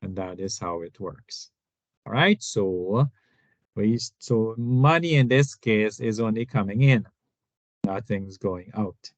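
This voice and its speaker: A man's voice: fairly low pitch, slow pace, no echo. A man teaching a finance lesson over a screen recording, explaining step by step and often checking in with "all right" and "right?". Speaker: instructor. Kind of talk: screen-recorded tutorial walkthrough. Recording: dull, dry lo-fi sound.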